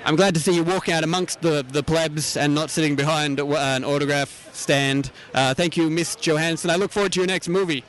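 A man's voice: on the high side, steady tone, brisk, hardly any pauses, low-quality recording. An Australian man hosting comedic interviews at a convention, asking absurd questions with a mock-earnest manner. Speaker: host, roving interviewer. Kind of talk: comedic vox-pop interviews. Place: outdoor convention.

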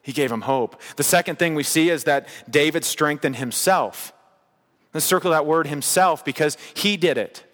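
Male pastor delivering a sermon; emphatic and rhythmic, slightly high pitch, church hall echo. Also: brisk, few pauses, a bit bright. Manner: emphatic, repetitive preaching cadence.

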